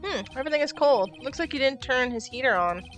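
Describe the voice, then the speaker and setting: A woman voicing an earnest young male defense lawyer in a fan voice-acting of a game, talking slowly and thoughtfully. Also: high-pitched, expressive, fairly bright tone, faint music behind. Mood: curious.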